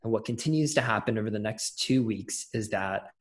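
A man's voice: lowish voice, brisk. A young adult man, an interview guest, telling a personal story in casual conversation, with many fillers and restarts.

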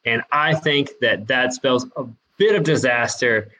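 A man co-hosting a casual sports betting podcast, giving his picks in a relaxed, confident way. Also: medium pitch, unhurried, low-quality recording. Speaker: podcast co-host picking games.

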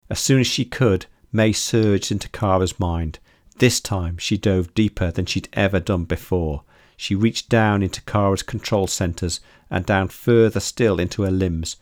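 A man reading a story aloud in steady, measured scripted narration. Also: deep voice, dry recording, clean studio sound. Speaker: audiobook narrator.

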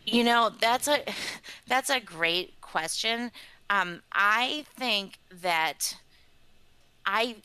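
A woman's voice: mid-range voice, sharp tone, clean tone, no room sound, rough recording. A woman who works as a scientist and advocate, explaining earnestly in a podcast interview with frequent ums. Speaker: patient advocate and company scientist.

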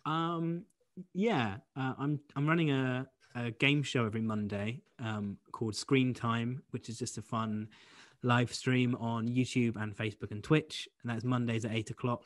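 A man's voice: mid-range voice, steady tone, unhurried, dry recording. A young man from the UK, a comedian being interviewed, talking casually and rambling with many restarts. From United Kingdom. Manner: rambling, many restarts and fillers, self-deprecating. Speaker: comedian guest.

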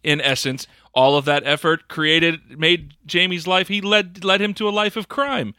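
A man co-hosting a podcast, joking about a movie with quick stammering restarts. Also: a little high, steady tone, sharp tone, smooth, dry recording, clean studio sound. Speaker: podcast co-host. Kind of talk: casual film-review chat.

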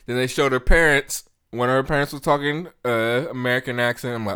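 A man's voice: mid-range voice, a little fast, few pauses, sharp tone, clear, resonant tone. A man co-hosting a podcast, casually reviewing a movie and laughing often as he rants. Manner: laughs often while ranting. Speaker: podcast co-host.

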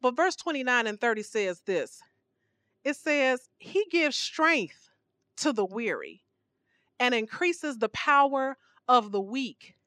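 Woman preacher for a podcast sermon: higher pitch, dry close mic, punchy and emphatic. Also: slow, no echo. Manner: emphatic, rhetorical questions, animated swings in volume.

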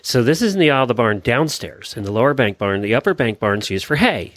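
A man co-hosting a podcast, telling a story in a chatty way with quick restarts and easy chuckles. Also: medium pitch, very animated, no echo. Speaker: podcast co-host. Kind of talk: casual chat and anecdote.

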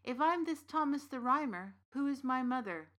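A woman's voice: high voice, lively intonation, moderate pace, fairly bright tone, voice pushed up. A woman reading the lines of an earnest, grieving young man full of questions in an audiobook story.

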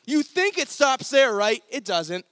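A man's voice: very high-pitched, unhurried, clear, resonant tone, no echo. A young adult man preaching to a youth group, telling stories with energy and acting out the voices of the people in them. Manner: energetic storytelling, acts out quoted voices. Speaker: youth pastor. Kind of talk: sermon.

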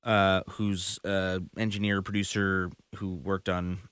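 A man's voice: deep voice, level tone, slow pace, fairly bright tone, smooth, no echo. A man, a touring musician, telling stories in casual conversation, rambling and full of fillers. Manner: rambling storyteller, many fillers.

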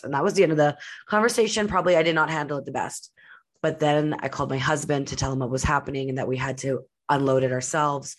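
Low-voiced woman telling a candid story. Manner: candid and emotional, many fillers like "like". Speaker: podcast host. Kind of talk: personal storytelling monologue.

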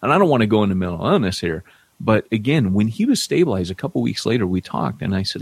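Man, podcast co-host, husky low voice, dry close sound, animated storyteller. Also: quick pace, no room sound. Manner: animated storyteller, acts out quoted people in a high voice. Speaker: podcast co-host, church planter. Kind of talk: casual podcast chat.

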